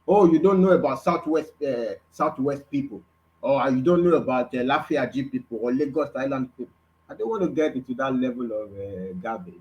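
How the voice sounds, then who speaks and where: A man with a Nigerian accent arguing on an online panel, dismissive and emphatic, dropping low at the ends of his points. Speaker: panel guest. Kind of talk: heated online panel talk. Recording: lo-fi call audio.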